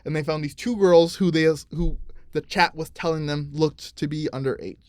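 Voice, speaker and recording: A podcast host telling a story in casual chat, animated and laughing often. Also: male voice, a little high, moderate pace, no room sound, studio quality.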